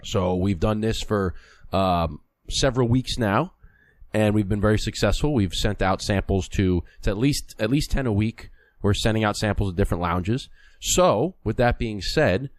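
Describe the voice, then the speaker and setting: A man's voice: on the low side, normal speed, no room sound. A man co-hosting a podcast, talking in a blunt, casual way with the odd curse. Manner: blunt, profane storyteller. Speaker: podcast co-host. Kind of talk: casual chat.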